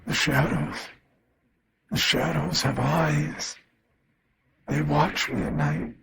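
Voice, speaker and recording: A man voicing a monstrous creature that mimics a dead father, speaking in a strangled, hoarse voice with slow, choked pleading. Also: a little high, fairly even intonation, noisy background, voice pushed up, full character voice.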